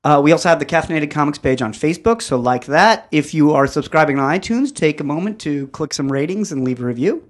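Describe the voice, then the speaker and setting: A man's voice: fairly high pitch, animated, quick pace, few pauses. A man hosting a casual comics podcast, talking energetically and laughing often. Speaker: podcast host. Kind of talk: casual chat.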